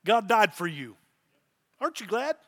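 A man's voice: sits high, very animated, moderate pace, a bit bright. A middle-aged man, a pastor, preaching a sermon with emphasis and repeated phrases.

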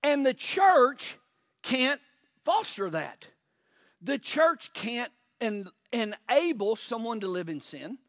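High-voiced preaching man, dry sound. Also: sing-song, fairly bright tone, no room sound. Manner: preachy, asks the congregation pointed questions; pauses for emphasis. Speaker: pastor. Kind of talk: sermon.

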